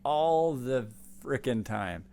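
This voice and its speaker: A mid-pitched man co-hosts a casual finance podcast. He speaks candidly with a wry edge and often restarts his sentences mid-thought. He is recorded close on a podcast microphone. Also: lively intonation, slow, gravelly, warm tone. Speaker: podcast co-host, financial advisor. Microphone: new podcast microphone.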